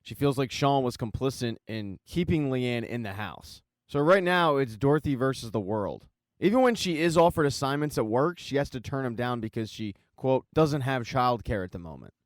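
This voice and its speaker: A man's voice: medium pitch, animated, normal speed, dry recording. A man narrating a casual TV show recap with wry, dry asides. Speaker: TV recap host.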